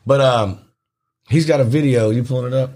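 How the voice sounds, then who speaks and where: A man, a rapper chatting casually on a podcast, animated and profane and quick to laugh. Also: medium pitch. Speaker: rapper guest.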